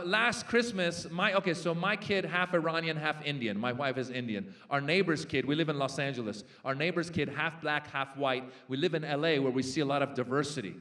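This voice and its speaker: A man in his forties doing a stand-up comedy set on a festival stage, animated and jumping into impressions and shouted punchlines. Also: on the high side, fairly quick, hardly any pauses. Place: large festival stage before a live audience.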